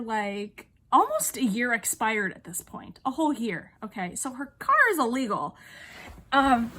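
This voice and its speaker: Riled up young woman venting on her vlog, kinda high voice, swears a lot. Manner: agitated, swearing, animated retelling. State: still riled up. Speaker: vlogger. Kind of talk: emotional vlog storytelling.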